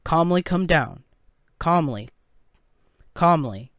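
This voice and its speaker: A man's voice: on the high side, slow, dry recording, clean studio sound, full character voice. A man doing a stale robot announcer. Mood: monotone. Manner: stale, monotone repetition. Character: calm male robot station voice.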